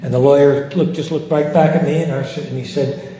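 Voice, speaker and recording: An older man, a former civil rights volunteer, telling his story at a post-screening discussion, reflective and halting, with many restarts. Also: a little high, steady tone, mellow. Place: large hall. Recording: echoey hall, faint noise.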